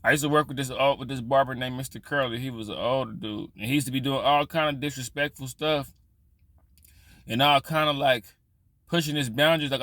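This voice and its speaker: A man's voice: medium pitch, fairly even intonation, fairly quick, pushed and bright, no echo. A man vlogging in casual storytelling style, loose and profane, rambling with frequent restarts.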